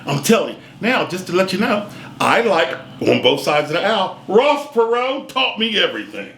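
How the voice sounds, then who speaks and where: A man's voice: sits high, sing-song, moderate pace, creaky, fairly bright tone, a little hiss or hum. A middle-aged man co-hosting a talk show, folksy and exuberant, forever saying "man" and "I'm telling you". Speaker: co-host and sports super fan. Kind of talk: casual talk show banter. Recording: echoey room.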